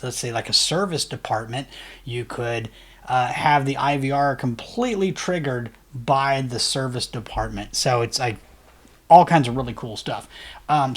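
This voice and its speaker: Rambling, upbeat male tutorial host. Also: medium pitch. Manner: loose, rambling, many fillers and restarts; enthusiastic, says "really cool" often. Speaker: agency owner teaching a software tutorial. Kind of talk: casual screen-share tutorial.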